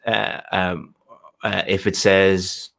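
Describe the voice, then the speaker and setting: A man's voice: low voice, flat delivery, slow pace, creaky, a bit bright. A man working as an English exam tutor, giving one-on-one feedback patiently, explaining step by step and often restarting his sentences.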